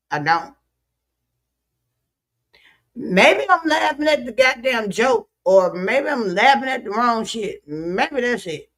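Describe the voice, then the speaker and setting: A woman's voice: medium pitch, a bit bright. A weary woman streamer venting to her viewers in a frustrated, repetitive, profane rant. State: weary, worn out. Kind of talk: emotional livestream rant.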